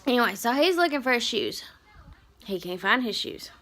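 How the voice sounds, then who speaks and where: A mother in her thirties telling a story in a rambling, animated vlog and turning aside to her children. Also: on the high side, normal speed. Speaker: mother vlogger.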